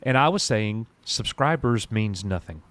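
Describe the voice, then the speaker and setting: A man's voice: on the low side, lively intonation, measured pace, fairly bright tone. A man who creates YouTube content, talking casually and directly on a live stream, rambling and laughing easily.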